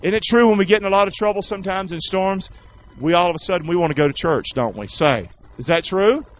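A man's voice: sits high, quick pace, slight background noise. Call-and-response preacher man, lo-fi. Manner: call-and-response preaching, swings from shouting to hushed. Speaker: pastor. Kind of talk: sermon. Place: church hall with congregation.

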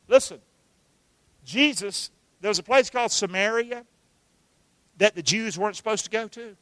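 A man preaching a sermon to his church, talking conversationally with rhetorical questions and swinging from hushed asides to loud, emphatic lines. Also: high-pitched, dry recording. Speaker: pastor. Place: church sanctuary.

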